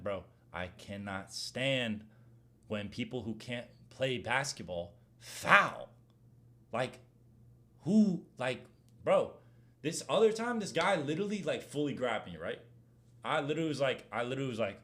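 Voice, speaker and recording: Young male streamer, casual slangy Q&A voice, animated rants. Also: medium pitch, normal speed. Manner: animated slang-heavy rant, gets loud when heated. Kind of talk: casual Q&A chat.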